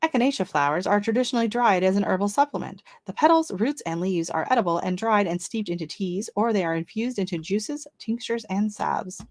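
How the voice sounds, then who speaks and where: A woman's voice: mid-range voice, expressive, brisk, few pauses, no echo. A woman hosting a casual gardening livestream, chatting with viewers while reading seed listings aloud and reacting to them. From not from Canada. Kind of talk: casual live-stream chat.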